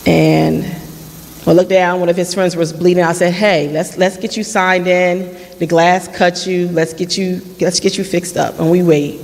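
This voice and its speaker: A little slow and touched with vocal fry, this mid-range voice keeps a fairly even intonation. It belongs to a late-30s speaker at a community forum, earnestly recounting their own experience and voicing past dialogue, captured with the long reverb of a church hall.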